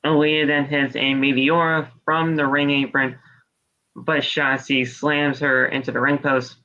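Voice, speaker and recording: A man co-hosting a podcast, casually recapping a wrestling show with rambling play-by-play and quick impressions. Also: medium pitch, flat delivery, bright, forceful tone, dull audio. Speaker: podcast co-host.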